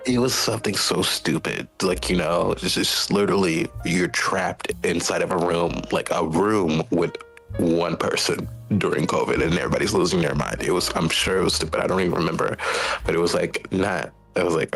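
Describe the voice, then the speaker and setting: Deep, gravelly man telling stories. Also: moderate pace, soft background music, low-quality recording. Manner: rambling, profane, animated storyteller. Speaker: streamer host. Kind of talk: casual storytelling chat.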